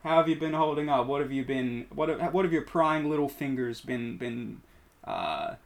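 A man's voice: mid-range voice, normal speed. A young man co-hosting a podcast, joking and bantering playfully. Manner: jokey, playful banter with bits and asides. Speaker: podcast co-host. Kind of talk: casual podcast chat.

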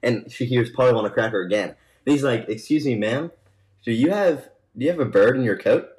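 A man's voice: mid-range voice, expressive, moderate pace, a little mellow, poor audio. A young man co-hosting a podcast, casually telling a long rambling joke and laughing along with it. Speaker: podcast co-host.

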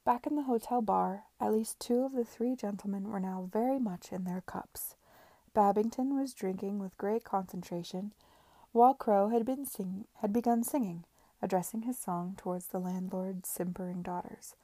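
A woman reads a novel aloud in a soft, unhurried way. Her voice is mellow and warm. The recording is dry and close, with no room sound. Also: mid-range voice, no room sound. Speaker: audiobook reader.

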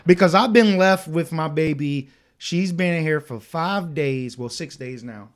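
A young man with a high voice tells a story on a podcast, acting out what everyone said. His talk is loose and full of swearing. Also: a little slow. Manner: animated storytelling, acting out quotes, frequent swearing. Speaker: podcast co-host. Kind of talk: casual chat.

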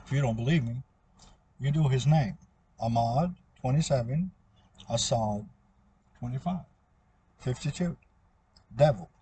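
A man's voice: mid-range voice, unhurried, pauses often, dark tone, a little hiss or hum. A man talking in a rambling, repetitive monologue that often trails off.

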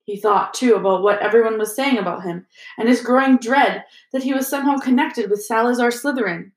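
A woman reading a storybook aloud in a steady, even storytelling manner. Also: on the high side, brisk, reverberant. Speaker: audiobook reader. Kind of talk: scripted narration.

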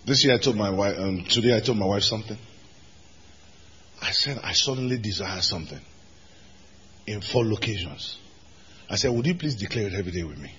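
A pastor delivers an emphatic sermon, his voice leaping between high shouted declarations and quieter low asides. His tone is bright and ringing. The sound carries a long reverb, as in a large church hall. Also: expressive, a little fast, long pauses, highs cut off, a little hiss or hum.

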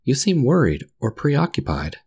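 A man's voice: medium pitch, huge pitch swings, normal speed, darkish tone, breathy edge, pitched above the performer's own voice, exaggerated voice. A man voicing an earnest little girl. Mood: eager. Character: young girl heroine, curious and earnest.

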